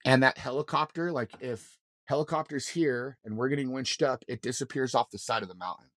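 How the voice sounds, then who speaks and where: A man's voice: medium pitch, fairly quick, no room sound. A man, a mountain guide and podcast guest, telling a story casually, acting out what others said and swearing freely. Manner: animated, acts out quoted lines, swears freely.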